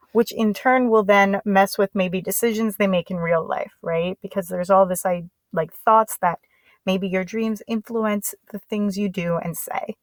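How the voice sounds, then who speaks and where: A woman's voice: mid-range voice, no room sound, low-quality recording. A woman teacher giving a casual, chatty lesson summary in slangy everyday speech.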